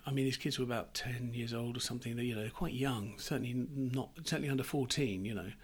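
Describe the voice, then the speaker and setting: A man's voice: mid-range voice, steady tone, fast, breathy edge. A middle-aged man chatting casually, telling rambling anecdotes with restarts and laughter. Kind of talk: casual chat.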